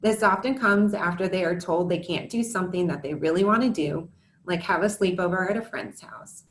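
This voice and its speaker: A woman's voice: mid-range voice, roomy sound. A woman in her thirties, a former teacher and parent, giving a prepared talk to parents in an earnest, scripted manner with candid asides. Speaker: educator and parent presenter.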